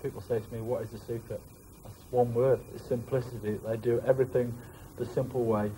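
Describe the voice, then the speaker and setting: Direct ex-player, even, mellow delivery, faint hiss. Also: male voice, medium pitch, a little fast, poor audio. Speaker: former footballer guest. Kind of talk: interview answer.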